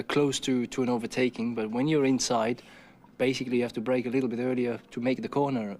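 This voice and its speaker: A racing driver giving measured, matter-of-fact podium answers. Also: male voice, medium pitch, slight background noise. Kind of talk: post-race podium interview.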